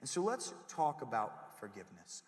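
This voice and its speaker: A young man giving a jokey, animated chapel sermon to middle schoolers, often acting out voices as he goes. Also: mid-range voice, moderate pace. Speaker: youth pastor. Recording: echoey hall with long reverb.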